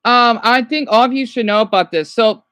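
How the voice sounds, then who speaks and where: A woman's voice: a little high, moderate pace, a bit bright, dry recording. A woman streaming casually, rambling and chatting to viewers by name as she reacts to a video. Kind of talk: casual live-stream chat.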